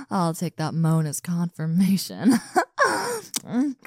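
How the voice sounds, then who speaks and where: A woman's voice: fairly low pitch, lively intonation, slow, mellow, breathy edge, no echo, full character voice. A young woman voicing a cocky, domineering muscular college woman in an intimate audio role-play, teasing and mocking with frequent giggles. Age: young adult.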